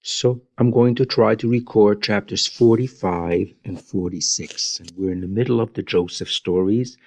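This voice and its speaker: A man retelling Bible stories in an informal, unhurried way, adding his own comments and Hebrew phrases, recorded on a close mic in a quiet room. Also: on the low side, no echo. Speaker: Bible teacher.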